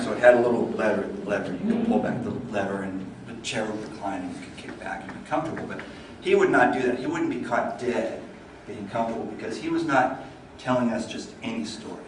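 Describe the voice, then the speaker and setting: A man giving a storytelling speech at a speaking club, swinging from lively and loud to low and hushed. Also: noisy background. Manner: animated, builds up energy then drops low. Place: meeting hall. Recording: echoey hall, mic far off.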